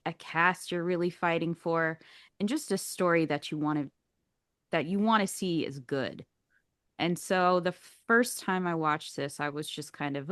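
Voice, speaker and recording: A woman co-hosting a podcast, chatting casually and telling stories with animated giggles. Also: lowish voice, no echo, studio quality. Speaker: podcast co-host. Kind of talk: casual chat.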